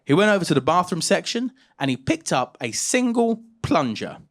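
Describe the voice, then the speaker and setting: A stand-up comedian, telling stories on a comedy stage into a handheld mic. His voice sits high for a man and swoops all over the place, jumping into loud shouted punchlines. The delivery is animated and restless. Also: normal speed. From England. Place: comedy stage with a live audience.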